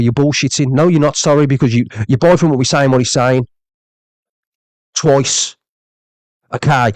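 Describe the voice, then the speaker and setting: A man's voice: a little high, a little mellow, dry recording. Angry swearing man ranting on a live stream. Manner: angry, profane, repeats "you know what I mean". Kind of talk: live-stream rant reading viewer comments.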